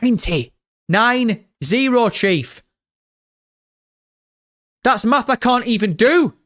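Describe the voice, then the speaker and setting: A young British man live-streaming, chatting excitedly with his viewers and swearing freely. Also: extremely high pitch, slow. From Britain. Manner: excitable, swears often, chats directly to viewers. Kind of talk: casual live-stream chat.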